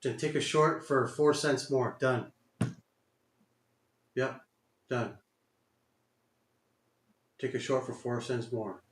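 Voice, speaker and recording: A man's voice: mid-range voice, takes it slowly, long pauses. Muttering frustrated man in an echoey room. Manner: frustrated, muttering, cursing, repeating himself. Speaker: day trader streaming his trades. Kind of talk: live trading commentary. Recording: roomy echo.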